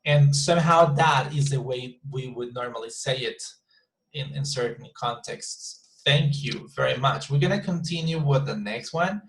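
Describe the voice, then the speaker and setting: A man teaching an online English class, patiently repeating example sentences slowly with the stress moved around. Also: mid-range voice, poor audio.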